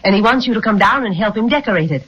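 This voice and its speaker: A woman's voice: mid-range voice, animated, racing, fairly bright tone, breathy edge. An actress playing a caring mother in an old radio drama, fussing and concerned. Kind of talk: 1930s radio acting. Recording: dull lo-fi old radio recording.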